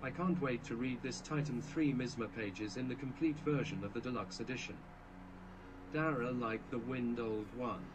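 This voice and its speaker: A male text-to-speech voice reading out viewer comments in a flat, even way that garbles names. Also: medium pitch, normal speed, noisy background.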